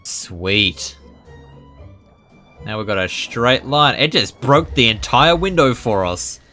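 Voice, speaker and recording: A young man hosting a gaming channel, giving jokey, excitable commentary that bursts into loud yelps. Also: mid-range voice, slow, soft background music. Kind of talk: gameplay commentary.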